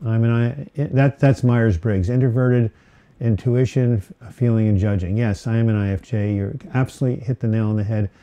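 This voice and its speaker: A man's voice: mid-range voice, steady tone, normal speed, mellow, highs cut off. A man hosting a casual live-stream Q&A, reading viewer questions aloud and rambling with many fillers and restarts. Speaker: host of a live mental health Q&A. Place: home setting, Portland.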